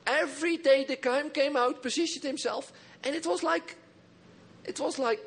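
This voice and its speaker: A man preaching a sermon in an animated way, often laughing and repeating his words. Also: very high-pitched, moderate pace, gravelly.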